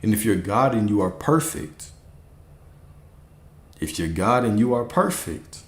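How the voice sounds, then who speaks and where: A man with a fairly low voice speaks as a spiritual coach on a livestream, relaxed and repetitive, often asking rhetorical questions and checking in with a quick "okay?". His voice carries a noticeable room echo. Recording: roomy echo.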